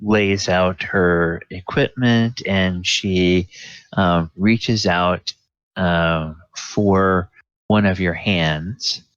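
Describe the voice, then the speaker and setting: Low-voiced guy running a tabletop game, slow and umm-y, dull dry recording. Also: fairly even intonation, a bit bright, smooth, dry recording. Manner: unhurried, many fillers. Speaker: game master.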